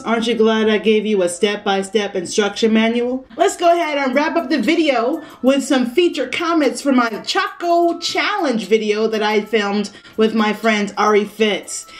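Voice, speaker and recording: A young woman chatting casually on her vlog, brash and playful, swearing freely and laughing often. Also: a little high. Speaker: vlogger.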